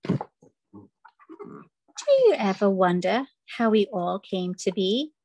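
A woman's voice: medium pitch, very animated, slow, dark tone, no echo, full character voice, poor audio. A woman doing a wise old owl. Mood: kindly.

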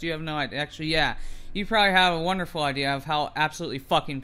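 A gaming video host doing gameplay commentary, swearing constantly and raging at opponents between calmer rambling stretches. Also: medium pitch, very fast, clear, resonant tone.

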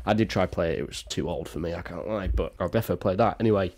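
A young man with a low voice rambles through casual reaction commentary. He is sarcastic and swears freely as he goes. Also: rapid-fire, darkish tone, slightly rough. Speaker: vlogger.

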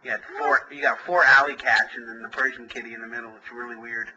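A man's voice: mid-range voice, steady tone, fast talker, highs cut off, noisy background. A man hosting a call-in show as a comedian, telling crude, rambling jokey stories.

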